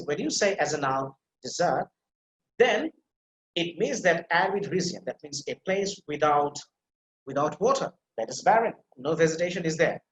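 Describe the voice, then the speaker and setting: A man teaching English pronunciation in an online lesson, explaining slides and slowly repeating words for practice, with some restarts. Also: a little high. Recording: roomy echo.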